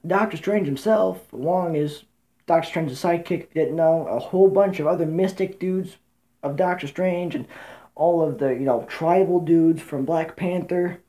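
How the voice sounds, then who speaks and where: A woman giving a casual, rambling movie recap, excitable and swearing, with many fillers and restarts. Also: fairly low pitch, normal speed. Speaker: movie reviewer.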